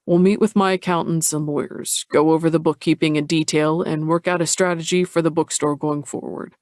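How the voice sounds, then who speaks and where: A woman voicing a calm, caring young businessman in an audiobook, keeping her voice low and reassuring. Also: brisk, no room sound, studio quality, close to an everyday voice.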